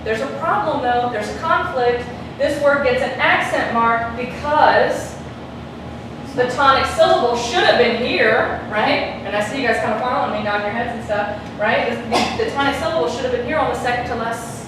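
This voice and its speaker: A woman's voice: on the high side, normal speed. A woman teaching a classroom lesson, patiently repeating her questions and stretching out words to show where the stress falls. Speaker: Spanish teacher. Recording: echoey classroom, taped from a distance, noisy.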